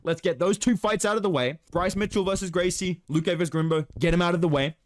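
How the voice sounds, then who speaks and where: A man's voice: high voice, fast. A man co-hosting a casual sports reaction chat, heated and profane as he rants. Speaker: podcast co-host.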